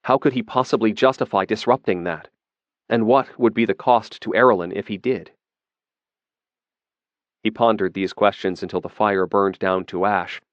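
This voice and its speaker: A man reading a fantasy audiobook in a steady, measured narration. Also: deep voice, no echo, dull audio.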